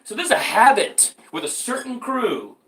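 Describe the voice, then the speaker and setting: A man telling stories in a casual conversation, animated and emphatic, swearing freely and often jumping up in pitch. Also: unhurried, far from the mic. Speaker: podcast guest. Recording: echoey room, off-mic, faint music.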